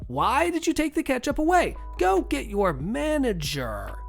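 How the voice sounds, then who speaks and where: Man putting on a shrill furious entitled mother. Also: huge pitch swings, unhurried, vocal fry, faint music behind, full character voice. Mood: indignant. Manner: shrieking, indignant, demanding. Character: shrill entitled angry mother, middle-aged woman.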